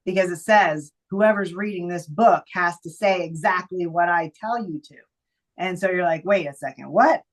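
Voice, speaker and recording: A woman's voice: fairly low pitch, fairly even intonation, normal speed, low-quality recording. An enthusiastic woman presents book picks to a room of teachers. She is chatty and playful, and she often slips into goofy voices and sing-song phrases.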